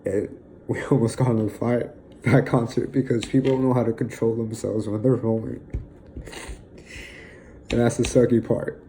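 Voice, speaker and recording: A young man in an emotional personal monologue, halting and filled with pauses, sighs and fillers, sounding close to tears. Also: medium pitch, flat delivery, mellow, a little hiss or hum, rough recording. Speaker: vlogger.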